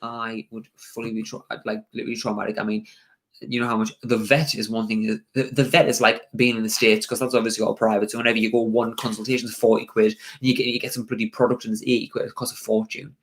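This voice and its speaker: A man's voice: lowish voice, quick pace. A young man co-hosting a live stream, talking casually and ranting with lots of fillers and opinions. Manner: animated and opinionated, rants with many fillers.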